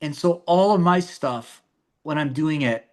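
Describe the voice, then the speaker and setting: A man's voice: a little high, measured pace, a little mellow. A man being interviewed about his own filmmaking, talking animatedly and often repeating words and restarting his sentences. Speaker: filmmaker guest. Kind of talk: casual interview talk.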